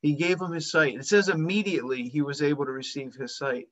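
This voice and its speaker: A man's voice: a little high, steady tone, fairly quick, fairly bright tone, lo-fi sound. A man preaching a sermon, retelling a Bible story and acting out its voices with rising emphasis.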